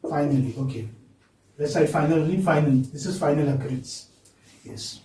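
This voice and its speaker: This male English teacher teaches phonetics, his voice on the high side, mellow, and fairly even in intonation. Slow and drawn out, he keeps coaxing the class with repeated questions, captured from far off in an echoey room.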